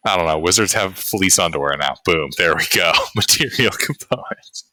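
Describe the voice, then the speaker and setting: A man's voice: deep voice, fairly quick, pushed and bright, no room sound. A man running a tabletop game as game master, laid-back, laughing often and swearing casually, talking over a remote call mic.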